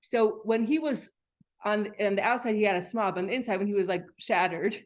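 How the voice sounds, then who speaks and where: A woman teaching a Torah class in a casual, animated way, telling personal stories and often restarting her phrases. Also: medium pitch, a little fast.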